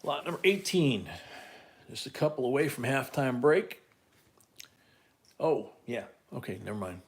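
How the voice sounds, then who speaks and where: A man's voice: medium pitch, very animated, measured pace. A man hosting a casual live coin auction, calling out bids and chatting with viewers from home. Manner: chatty, repeats bids and co-host's remarks.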